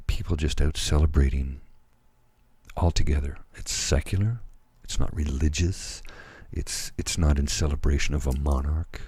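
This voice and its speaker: A tired man from Canada, talking slowly and haltingly at home at night in a soft ASMR manner, with many fillers and restarts. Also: a bass voice, husky, no echo. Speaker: ASMR channel host. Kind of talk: soft-spoken ASMR personal talk.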